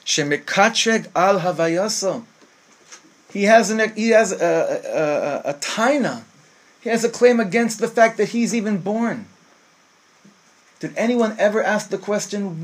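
A man giving an impassioned Torah sermon, teaching rabbinic texts and quoting them aloud, with a husky voice. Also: high voice, expressive, measured pace. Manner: impassioned, mixes Hebrew phrases, acts out angel voices.

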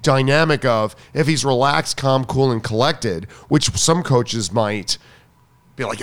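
Man, co-host, casual chat, enthusiastic, emphatic, mid-pitched voice. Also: unhurried, fairly bright tone. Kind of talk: casual chat about tennis coaching.

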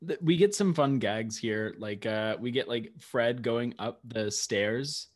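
A man's voice: mid-range voice, a little slow. A man co-hosting a podcast, recapping scenes in casual chat full of loose fillers. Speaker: podcast co-host.

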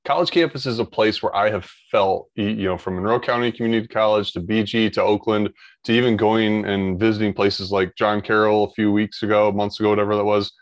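A man's voice: on the low side, steady tone, a little fast, dry recording, highs cut off. A man, talking in a casual podcast chat, rambling with many restarts. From Ohio, United States. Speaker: guest.

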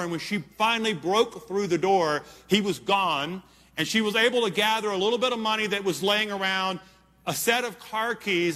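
Earnest bright-voiced male preacher in a hall. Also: high-pitched. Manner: earnest, emphatic, checks in with listeners. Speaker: pastor. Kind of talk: sermon storytelling. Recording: long hall reverb.

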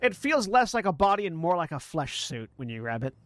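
A man's voice: sits high, sing-song, brisk, a bit bright, no echo. A man running a tabletop game as game master, describing scenes and giving rulings in a laid-back, plain-spoken way.

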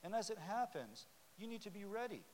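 A man's voice: high-pitched, very animated, a little fast, a little mellow. A man preaching a sermon in a church sanctuary, talking conversationally and quizzing the congregation with questions. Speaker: pastor. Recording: long hall reverb with faint hiss.

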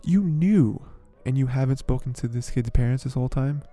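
With a warm, mid-range voice at a moderate pace, a young man hosting a podcast delivers casual commentary. His talk is rambling, full of fillers, and exasperated in tone, with faint music in the background.

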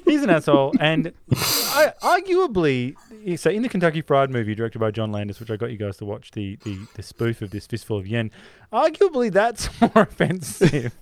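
A man with a fairly high voice co-hosts a podcast about movies, talking at normal speed with hardly any pauses. His chat is casual and rambling, full of restarts, and turns animated when he retells scenes.

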